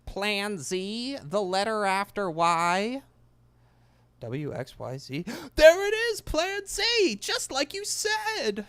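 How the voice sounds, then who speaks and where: A man's voice: sits high, huge pitch swings, takes it slowly, fairly bright tone, clean tone, dry recording, pitched above the performer's own voice, heavily acted. A man putting on the voice of a tiny, scheming male cartoon villain, whiny and theatrical. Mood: gleeful.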